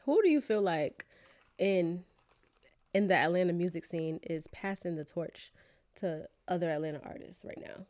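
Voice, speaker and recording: Woman, new york accent, podcast co-host, casual animated chat. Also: on the low side, normal speed. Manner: chatty, animated storyteller with slang. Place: lives in Atlanta.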